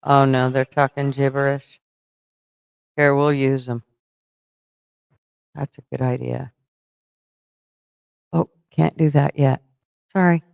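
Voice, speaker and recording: Male livestream host, rambling and profane, smooth tone in a dead-dry space. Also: mid-range voice, flat delivery, takes it slowly, long pauses, no echo, dull audio. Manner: rambling, thinks aloud while fumbling with stream setup; blunt and profane, mock-scolding chat. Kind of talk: casual livestream chat.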